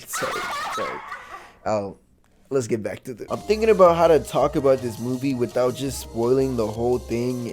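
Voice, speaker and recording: A young man talking casually about a movie, slangy and joking, swinging from loud bursts to mumbled asides. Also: medium pitch. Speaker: movie reviewer. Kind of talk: casual movie review commentary.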